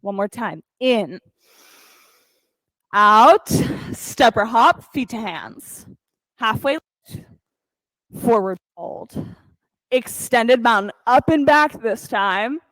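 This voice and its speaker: A woman teaching a yoga class, calmly counting breaths and cueing poses with encouragement. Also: on the high side, slow, long pauses, no echo, rough recording. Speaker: yoga instructor. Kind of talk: guided yoga class cues.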